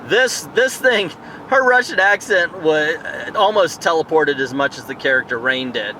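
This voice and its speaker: A man's voice: on the high side, expressive, normal speed, bright, forceful tone, slight background noise. A man giving a casual, rambling movie review outdoors at night, thinking aloud with many fillers and tangents. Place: outdoors in a town area at night.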